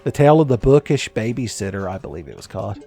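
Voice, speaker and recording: Joking man with a slightly raspy voice. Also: fairly low pitch, sing-song, fast talker, dark tone, faint music behind. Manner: joking, laughs at his own asides. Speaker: gaming commentator. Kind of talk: casual let's-play commentary.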